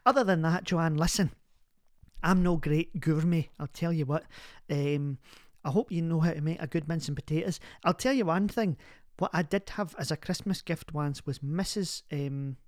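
A man's voice: on the high side, moderate pace, dry recording, clean studio sound, close to an everyday voice. A man voicing a chatty middle-aged Scottish woman who hosts a comic advice podcast, rambling and homely with frequent laughs.

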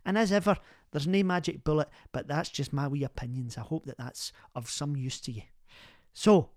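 A man's voice: fairly high pitch, no room sound, clean studio sound. A man voicing a chatty middle-aged Scottish woman who hosts a comic advice podcast, rambling and homely with frequent laughs.

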